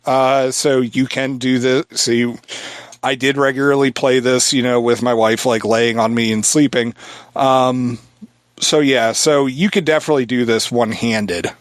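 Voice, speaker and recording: A man's voice: mid-range voice, fairly even intonation, moderate pace, no echo. A man in his thirties, a podcast guest explaining a game in a loose, rambling way full of "like" and "uh". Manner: rambling, filler-heavy explanation. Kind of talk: casual podcast chat.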